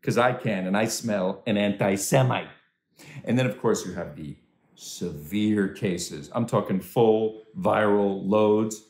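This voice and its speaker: Male stand-up comic performing from home over a video call, lively delivery, roomy echo. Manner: animated, swoops into high voices for quoted people. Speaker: stand-up comedian. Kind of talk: stand-up comedy set for a virtual charity dinner.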